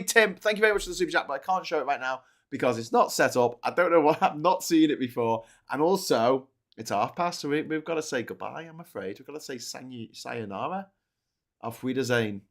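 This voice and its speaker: A man's voice: on the high side, bright, forceful tone. A British man co-hosting a live news stream in casual chat, rambling, restarting his sentences and cracking jokes. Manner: rambling, self-correcting, jokey.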